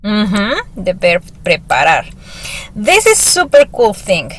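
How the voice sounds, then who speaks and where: A woman's voice: mid-range voice, huge pitch swings, slow pace. Woman teaching a student one on one, patient and upbeat, walks through grammar. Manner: patient, encouraging, explains step by step. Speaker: Spanish teacher. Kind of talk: one-on-one language lesson.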